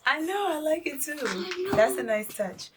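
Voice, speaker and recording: A woman's voice: high voice, very animated, unhurried. A woman coaching her son in a recording studio. She gives emphatic, directive instructions and chats casually for a reality vlog.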